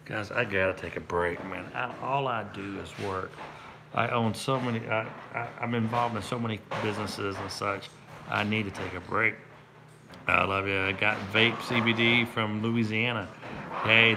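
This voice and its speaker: Gravelly, bright-toned rambling middle-aged man. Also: lowish voice, slight background noise. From Kentucky. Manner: rambling storyteller, frequent restarts and asides. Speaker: comedian and prank video host. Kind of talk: casual livestream chat.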